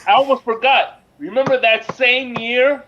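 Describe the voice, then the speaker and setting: High-voiced man on a muffled line. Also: unhurried. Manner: hesitant, stumbling restarts, relaxed. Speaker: panel co-host. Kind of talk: casual sports fan chat. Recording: dull lo-fi remote audio with faint noise.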